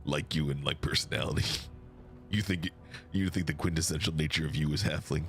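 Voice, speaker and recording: A man's voice: a bass voice, steady tone, brisk, fairly bright tone, faint music behind. A man playing a tabletop game, chatting casually and musing aloud. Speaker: player.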